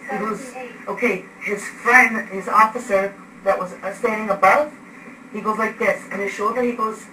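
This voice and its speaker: A woman's voice: medium pitch, normal speed. A woman giving an agitated eyewitness account indoors at home, acting out events with gestures as she speaks. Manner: animated, acts out events with gestures. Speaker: eyewitness recounting an arrest. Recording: echoey room, distant mic, background noise.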